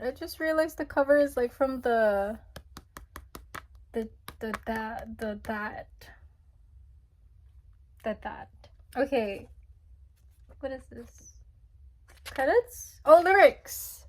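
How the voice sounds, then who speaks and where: A young woman chatting casually as she unboxes albums, gushing and squealing with excitement. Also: fairly high pitch, takes it slowly, pauses often.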